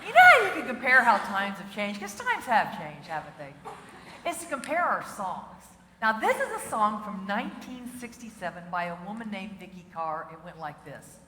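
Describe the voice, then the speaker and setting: A woman giving a comedic motivational keynote, playful and animated, breaking into song now and then. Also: medium pitch, moderate pace. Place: large auditorium with audience. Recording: echoey hall, faint noise.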